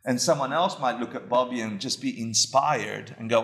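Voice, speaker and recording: A man's voice: mid-range voice, moderate pace, few pauses, a bit bright. A man giving an informal dharma talk, conversational and self-mocking, often asking his listeners questions. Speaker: dharma teacher. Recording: echoey room.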